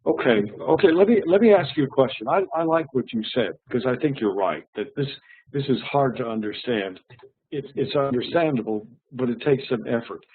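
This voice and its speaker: A man with a mid-range, slightly rough voice speaks a little fast and animatedly. He teaches an online English lesson, patient and friendly, often repeating himself, over a tinny, phone-like call.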